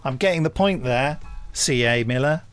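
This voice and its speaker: A man hosting a podcast, chatting in a relaxed, anecdotal way and reading listener emails aloud with wry asides. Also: mid-range voice, moderate pace, faint music behind. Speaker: podcast host. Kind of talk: casual chat.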